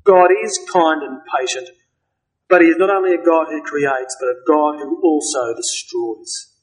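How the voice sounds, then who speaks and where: A man preaching a sermon, earnest and emphatic, slowing down to stress key words. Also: a little high, rough recording.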